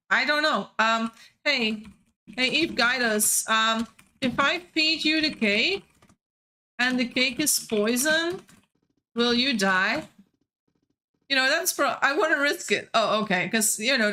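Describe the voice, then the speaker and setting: Female game streamer, playful live commentary, bright tone. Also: fairly high pitch. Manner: chatty, playful, thinking aloud.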